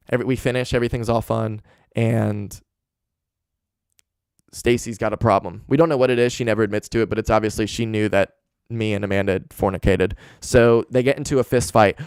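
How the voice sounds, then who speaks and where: A young man hosting a podcast, telling a long profane story in a rambling, animated way full of "like". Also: lowish voice, smooth, no echo, clean studio sound. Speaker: podcast host. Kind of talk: casual storytelling. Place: home room.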